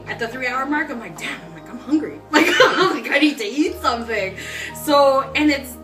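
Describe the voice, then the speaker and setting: A young woman telling her story in a casual interview, chatty and excitable, laughing often. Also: on the high side, recorded from a distance. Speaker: customer giving a testimonial. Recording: roomy sound from off-mic with background music.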